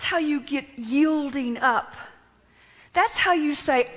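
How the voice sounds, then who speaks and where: A woman's voice: sits high, slow pace, a bit bright. A woman preaching a sermon who acts out the prayers she quotes and drops some lines to a near whisper. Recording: long reverb of a large hall.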